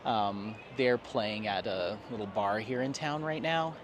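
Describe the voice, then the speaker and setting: A man's voice: fairly low pitch, unhurried. A man from Colorado chatting casually while walking his dog, rambling and laughing often. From Colorado, USA. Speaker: craft vlogger. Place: outdoors on an evening walk near water. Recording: clear outdoor street noise. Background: traffic and town ambience.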